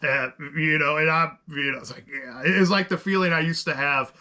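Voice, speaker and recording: Bright, animated male podcast co-host. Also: on the high side, moderate pace. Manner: animated, rambling with many restarts. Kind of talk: casual storytelling chat.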